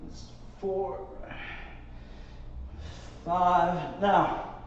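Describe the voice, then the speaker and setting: A man's voice: sits high, steady tone, very slow, a little hiss or hum. A man teaching a Pilates class while doing the exercises, counting reps and coaching, out of breath at times. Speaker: Pilates instructor. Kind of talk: live workout class instruction. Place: warm studio. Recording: echoey, distant, slightly muffled mic.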